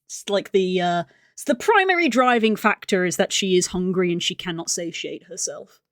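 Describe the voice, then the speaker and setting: A woman streamer chatting casually and excitably on a live art stream, rambling through tangents from a room at home. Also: fairly low pitch, normal speed, no room sound, studio quality. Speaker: livestreamer.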